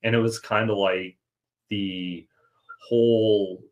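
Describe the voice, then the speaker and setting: A man's voice: fairly low pitch, takes it slowly. A man hosting a music podcast, chatting casually and thinking aloud with fillers. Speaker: podcast host. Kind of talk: casual chat.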